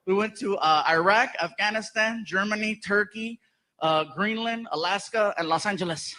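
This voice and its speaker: A man performing stand-up, telling an animated story and acting out the voices, on stage before a live audience. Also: sits high, moderate pace, low-quality recording. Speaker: stand-up comedian. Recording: live stage recording with background noise.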